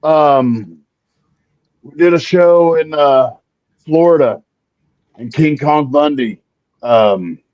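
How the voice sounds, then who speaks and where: A man tells animated stories and acts out other people's voices as he goes. His voice sits a little high for a man. The audio is dull, lo-fi, and dry. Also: slow, long pauses, no room sound. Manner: animated anecdotes, acts out quotes. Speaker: guest, wrestler. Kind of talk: casual storytelling.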